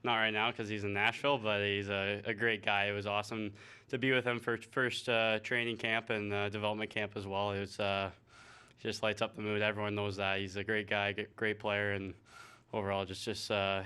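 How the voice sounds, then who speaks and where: A young man, a hockey player, answering interview questions in a halting way with many fillers. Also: lowish voice, level tone, pushed and bright, clear, resonant tone. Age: young adult. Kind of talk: post-game interview.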